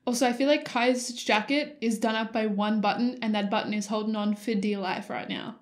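Young female reaction host, excitable and sweary, slightly high voice. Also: fairly quick. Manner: excitable, giggly, swears often. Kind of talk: casual reaction commentary. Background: music playing.

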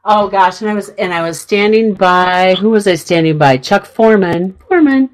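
A woman's voice: mid-range voice, normal speed, rough recording. A middle-aged woman from Minnesota, co-hosting a radio show and telling a rambling story with many fillers, congested from a sinus infection. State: sinus infection, clearing throat. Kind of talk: casual chat. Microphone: studio mic.

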